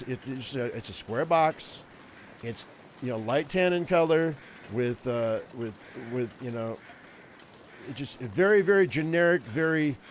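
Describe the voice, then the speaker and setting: A man's voice: medium pitch, a little hiss or hum. Chatty rambling man in his fifties. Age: 50s. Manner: rambling, chatty anecdote-teller. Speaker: game streamer. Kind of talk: casual storytelling chat.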